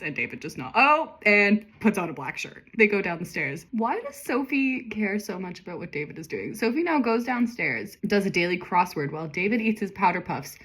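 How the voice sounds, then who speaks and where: A woman's voice: mid-range voice, big pitch swings, fairly quick, few pauses, fairly bright tone, slightly rough. A woman reading aloud her own childhood story and mocking it with wry, self-deprecating asides. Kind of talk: reading with comic commentary.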